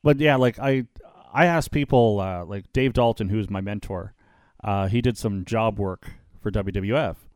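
A man with a lowish voice hosts a casual podcast chat. He tells stories in a rambling way, restarting often and filling gaps with "like" and "you know". The sound is dry and close. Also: measured pace, darkish tone, no echo. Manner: rambling storyteller, many restarts and fillers. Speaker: podcast host.

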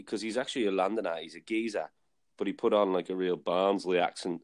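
A man's voice: low voice, fairly quick, a little mellow. A man hosting a podcast, telling a story in a casual, rambling way with lots of fillers. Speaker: podcast host. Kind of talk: casual chat.

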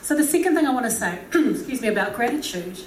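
A woman's voice: fairly high pitch, animated, fast talker, far from the mic. A middle-aged woman giving a humorous, self-deprecating talk, often laughing and acting out quotes. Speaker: speaker. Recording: echoey hall with faint noise.

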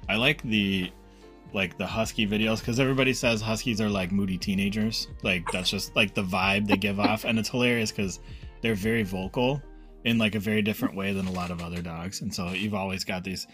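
Man, lowish but bright voice, laid-back chatter, says "like" a lot, faint music behind. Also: brisk. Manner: relaxed, rambling with lots of "like". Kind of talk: casual chat.

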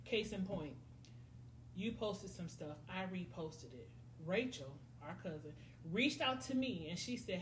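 A woman's voice: fairly low pitch, a little slow. A middle-aged woman, chatting on a podcast and acting out her friends' voices as she tells stories. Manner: animated storytelling, acts out friends' voices. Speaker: podcast host. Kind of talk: casual podcast chat. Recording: echoey room, faint noise.

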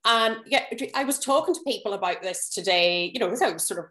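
A woman's voice: medium pitch, lively intonation, quick pace, a bit bright. Thoughtful Northern Irish woman, echoey. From Northern Ireland. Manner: thoughtful, hesitant, laughs easily. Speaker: podcast guest. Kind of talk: casual interview chat.

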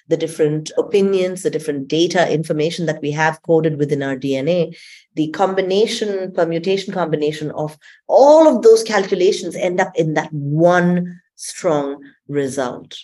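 A woman speaking as a guest transformation coach in a spiritual conversation, expressive and often laughing as she tells stories. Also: deep voice, moderate pace. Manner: expressive storyteller, laughs often and acts out quotes.

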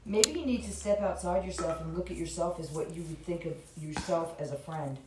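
A woman gently coaxing a friend to see herself kindly. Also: on the low side, brisk, noisy background. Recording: roomy, distant mic.

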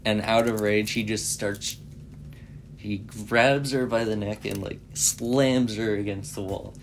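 A man's voice: on the low side, steady tone, takes it slowly, a little hiss or hum. A man giving a casual, rambling spoken recap of a movie, full of "like" and swearing freely. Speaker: movie reviewer.

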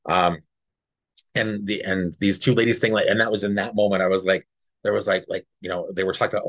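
A man's voice: low-pitched, little pitch movement, fairly quick, a bit bright, no room sound. A man co-hosting a podcast, earnestly telling a personal story in a rambling, casual way and often checking in with "right?". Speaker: podcast co-host.

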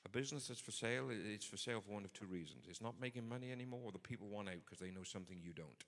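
A man's voice: on the low side, very fast, long reverb tail. A man preaching a sermon in a conversational but emphatic way. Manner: conversational, emphatic, builds to forceful points.

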